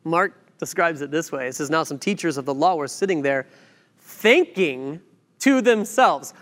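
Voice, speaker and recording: A man preaching a sermon, telling a story with lively acted-out quotes and asides. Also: high voice, normal speed. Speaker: pastor. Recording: long hall reverb.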